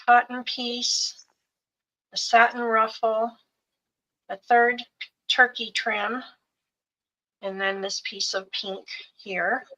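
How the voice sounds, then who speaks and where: Female co-host of a live craft sale: unhurried, bright tone, fondly itemizing each bundle. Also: fairly high pitch, little pitch movement, rough recording. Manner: gentle, fond, lists items piece by piece. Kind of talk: live sales show, describing fabric bundles.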